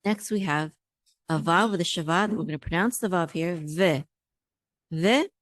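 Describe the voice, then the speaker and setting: A woman teaching Hebrew pronunciation, patiently repeating words slowly for practice. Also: fairly low pitch, no room sound, clean studio sound.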